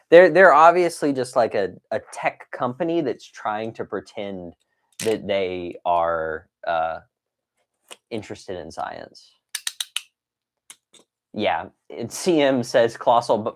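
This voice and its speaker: A young man chatting casually on a live stream, rambling with lots of fillers and laughing as he reads viewer comments. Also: on the low side. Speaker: toy collector streamer.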